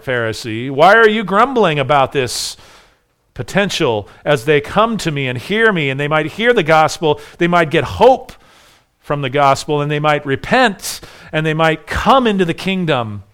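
A man's voice: fairly high pitch, very animated, a little slow, a bit bright. A man preaching a sermon, emphatic and full of rhetorical questions, often repeating his phrases. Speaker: pastor.

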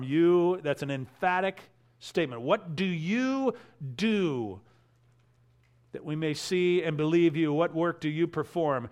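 A man preaching an expository sermon in a voice pitched somewhat high for a man. He is animated, and he acts out the voices of the crowd and reads scripture with feeling. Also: a little slow. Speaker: pastor.

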